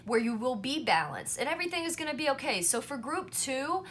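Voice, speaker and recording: Chatty lady reading tarot cards to camera, bright voice, keeps saying right and you know. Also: sits high, sing-song, brisk, slight background noise. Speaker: tarot reader. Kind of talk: casual pick-a-card tarot reading to camera.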